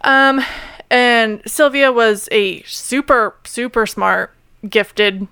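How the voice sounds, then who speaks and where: A woman's voice: fairly high pitch, takes it slowly, pushed and bright, clean tone, no echo, clean studio sound. A young woman co-hosting a podcast, telling a story in casual chat, full of fillers and easy laughs. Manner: chatty, many "like" and "um" fillers, laughs easily. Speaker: podcast co-host.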